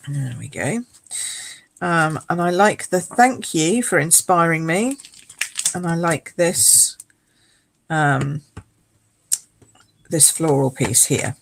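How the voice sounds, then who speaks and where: A croaky woman with a gravelly edge talks viewers through a card-stamping technique. She is chatty and unhurried, explaining each step with easy fillers. A soft hiss sits faintly under her voice. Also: lowish voice. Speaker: card-making host. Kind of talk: live craft demonstration.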